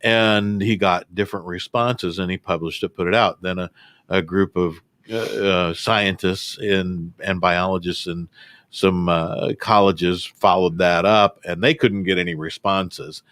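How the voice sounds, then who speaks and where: A man's voice: deep voice, steady tone, unhurried, fairly bright tone, no echo. A man co-hosting a radio talk show, chatty and joking, with hesitant restarts.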